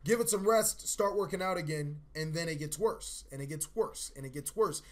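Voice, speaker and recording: A young man hosting a vlog, telling a personal story in a casual, animated way, swearing and acting out his own reactions. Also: a little high, moderate pace. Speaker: channel host.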